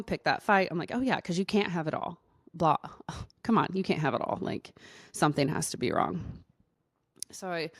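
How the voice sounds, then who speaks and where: A woman's voice: low-pitched, dry recording, clean studio sound. A woman doctor hosting her own podcast, telling a personal story in a casual, chatty way with frequent "like" fillers.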